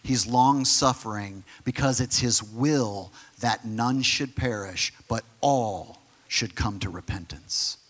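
A male pastor preaching a sermon, emphatic and conversational, who sometimes drops to a soft near-whisper on key phrases. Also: medium pitch, slow pace, hardly any pauses. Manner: direct, conversational asides to the congregation.

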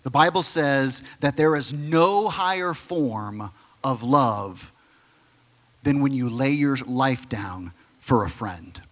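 A male pastor preaching a sermon, emphatic and conversational, who sometimes drops to a soft near-whisper on key phrases. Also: mid-range voice, expressive, slow. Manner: direct, conversational asides to the congregation.

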